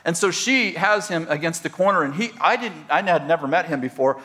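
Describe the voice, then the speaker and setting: A man's voice: fairly high pitch, fairly quick. A man preaching a humorous sermon as a pastor and marriage counselor, telling stories and acting out the people in them. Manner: storytelling, animated, acts out quoted people.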